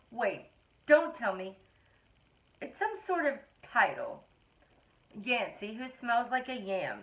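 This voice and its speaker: A middle-aged woman reading funny children's poems aloud in a playful, animated storytelling manner. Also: fairly high pitch. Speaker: reader of a children's poetry book. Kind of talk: expressive read-aloud of children's verse. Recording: tinny phone-like audio.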